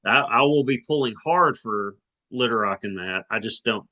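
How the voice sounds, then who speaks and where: A man's voice: mid-range voice, moderate pace, pushed and bright. A man of around forty from Arkansas, co-hosting a sports podcast in casual chat, rambling with many restarts and hedges.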